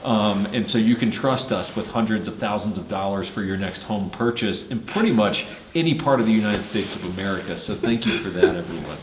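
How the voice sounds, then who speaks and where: A man's voice: fairly low pitch, fairly quick, hardly any pauses, roomy sound, slight background noise. A man hosting a firearms gear channel, joking and rambling with many fillers in casual review chat, in a cold shoot house.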